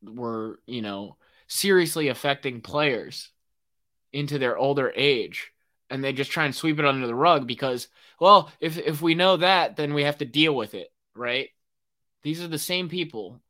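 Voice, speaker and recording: A young man hosting a solo podcast, ranting excitably in casual speech, with lots of fillers and swearing. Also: medium pitch, normal speed. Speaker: podcast host. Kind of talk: solo rambling podcast monologue.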